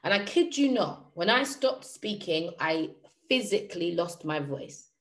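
A woman life coach giving a motivational talk to a live audience, animated and emphatic, with many rhetorical questions. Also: on the low side, measured pace, echoey room.

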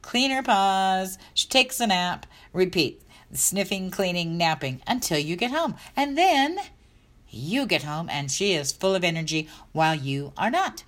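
A woman's voice: fairly low pitch, lively intonation, a little slow, a bit bright. A middle-aged woman, a dog health coach, talking in a chatty, upbeat, rambling way. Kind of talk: casual vlog talk.

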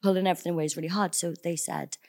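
A woman's voice: on the low side, steady tone, racing, vocal fry, a little mellow. A woman in her thirties with a light Welsh accent, telling stories as a guest in a casual, giggly chat. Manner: chatty, giggly, storytelling. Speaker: actress, podcast guest.

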